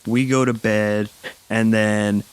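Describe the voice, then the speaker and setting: A man's voice: lowish voice, little pitch movement, takes it slowly, clean tone. A hungover young man hosting a comedy podcast, telling a rambling, profane story and laughing often. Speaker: podcast host. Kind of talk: casual storytelling.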